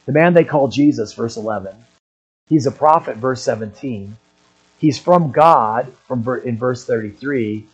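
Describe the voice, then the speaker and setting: Husky older male preacher. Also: medium pitch, unhurried, low-quality recording. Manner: clears his throat often, builds to emphatic raised passages. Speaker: pastor. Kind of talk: sermon.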